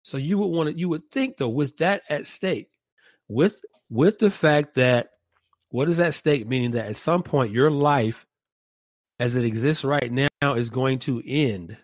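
Man, mid-range voice, thoughtful and deliberate, rephrases as he goes; dry close recording. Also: medium pitch, no room sound. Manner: deliberate, restates and rephrases his points. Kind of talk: reflective podcast discussion.

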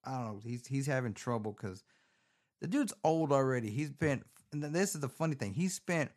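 Filming himself on his phone, a man casually recaps a movie, cursing nonstop and rambling in an animated, profane storytelling style. His voice is mid-range and moves at a moderate pace.

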